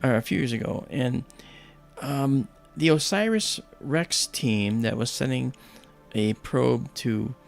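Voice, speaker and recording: A man's voice: medium pitch, slow, vocal fry, faint music behind. A man hosting a livestream, telling a story in a chatty, enthusiastic way with many fillers. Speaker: livestream host. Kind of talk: casual storytelling.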